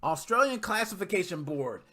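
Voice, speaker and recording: Animated slangy podcast host guy. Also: sits high, moderate pace. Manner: animated, slangy and joking, talks to listeners directly. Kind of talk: casual gaming podcast talk.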